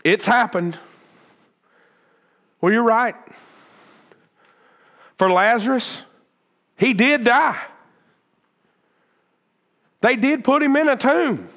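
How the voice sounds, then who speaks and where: Male pastor, high-pitched voice, emphatic sermon delivery with lots of repetition. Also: extremely slow, pauses often, fairly bright tone. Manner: earnest, emphatic preaching with repeated phrases and restarts.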